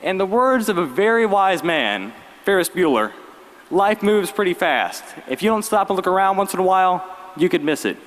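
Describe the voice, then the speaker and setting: Young man, graduation speech, lively wry storytelling, fairly high voice, big arena reverb. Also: brisk. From Virginia, US. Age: late teens. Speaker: valedictorian. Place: large arena.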